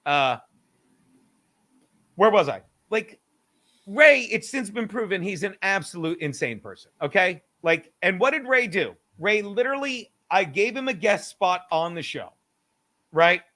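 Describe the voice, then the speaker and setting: A middle-aged man with a high, bright, sharp voice rants through a casual comedy podcast. He argues his side in an animated way, swears freely and laughs at his own points. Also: measured pace. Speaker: podcast host.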